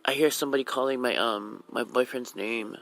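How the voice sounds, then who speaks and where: Mother from Hawaii, candid and emotional personal storytelling, gravelly. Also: a bass voice, steady tone, fairly quick, fairly bright tone, faint music behind, rough recording. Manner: candid, emotional, retells conversations. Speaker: mother telling her life story.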